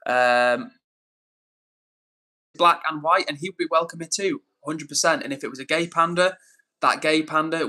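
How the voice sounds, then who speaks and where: A man's voice: a little high, bright, forceful tone. A young Englishman hosting a live stream, reading out viewer comments and greeting each person by name in a friendly, casual way. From England.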